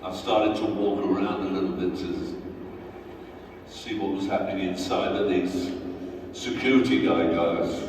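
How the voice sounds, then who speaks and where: A man's voice: low voice, steady tone, measured pace, noisy background. A man giving live spoken-word storytelling at an indoor venue, in a wry, conversational way. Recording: very echoey hall, distant mic.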